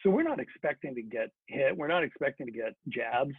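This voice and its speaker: A man's voice: mid-range voice, animated, a little fast, breathy edge, dry recording. A middle-aged man who is a former hockey player, telling a story in a chatty, casual way with many fillers and restarts. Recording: dry phone-like sound.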